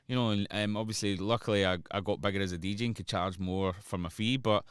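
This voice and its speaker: A man's voice: lowish voice, fairly even intonation, fast, smooth, dry recording, clean studio sound. A Scottish man, a DJ and music producer, chatting casually on a livestream while making music. He rambles, swears freely and laughs often. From Scotland.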